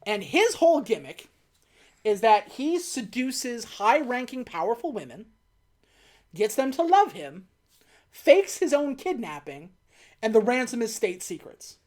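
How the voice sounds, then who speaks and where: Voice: medium pitch, big pitch swings, unhurried, darkish tone. A podcast co-host casually recapping a film plot, quoting the characters in an offhand way. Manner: retells scenes by quoting characters in a loose, offhand way.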